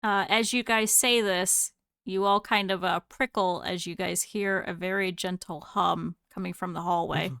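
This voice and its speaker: A woman's voice: fairly low pitch, fairly even intonation, moderate pace, vocal fry, fairly bright tone, clean tone, no room sound, studio quality. A woman running a tabletop game as game master, narrating with many fillers. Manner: rambling, full of fillers.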